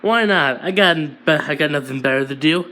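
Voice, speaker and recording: A man's voice: on the high side, normal speed, sharp tone. A man voicing an easygoing male villain sidekick who talks offhandedly.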